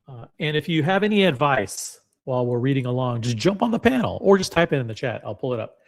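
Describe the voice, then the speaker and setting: A man's voice: mid-range voice, very animated, fast talker. A man hosting a live stream, reading a forum post aloud and commenting on it bluntly, with profanity and repeated words. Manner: blunt and profane, repeats himself, talks straight to chat.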